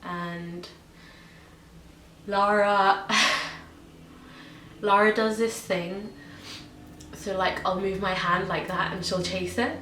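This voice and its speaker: Low, flat-voiced young woman vlogging. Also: slow, long pauses. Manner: chatty, many ums and likes. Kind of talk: casual pet tag video. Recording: echoey room with faint hiss.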